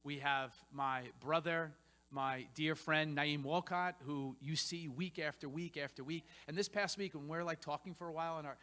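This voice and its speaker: High bright-voiced pastor in a reverberant church. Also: male voice, normal speed. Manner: energetic, rambling, restarts and asides. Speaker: pastor hosting a church panel. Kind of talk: informal sermon-style talk to a congregation. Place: church sanctuary.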